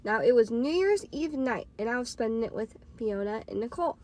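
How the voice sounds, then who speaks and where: A podcaster and storytime vlogger in her twenties tells a rambling, casual story loaded with "like" fillers. Her voice is on the high side with lively intonation and a dark tone, and she speaks fairly quickly.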